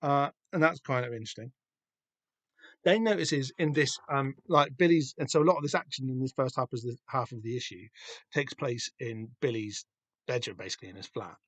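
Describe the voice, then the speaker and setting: A man's voice: medium pitch, fairly quick, a bit bright, dry recording. Southern english guy on a podcast, gushing and swearing a lot, um-ing all over, dry close sound. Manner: enthusiastic, swears freely, rambling with many fillers. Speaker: podcast host. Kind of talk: casual comic book discussion.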